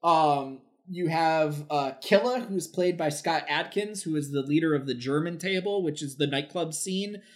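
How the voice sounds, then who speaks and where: A man co-hosting a film podcast, chatting casually in an excitable way, swearing freely and stammering. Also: a little high, moderate pace, hardly any pauses. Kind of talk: casual film review chat.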